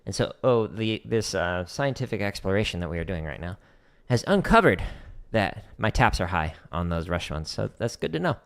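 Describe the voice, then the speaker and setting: A man with a lowish voice runs a relaxed drum practice stream from his practice room. There is a gravelly fry in his tone as he chats through exercises and calls out counts and patterns. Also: moderate pace. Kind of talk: casual live-stream teaching.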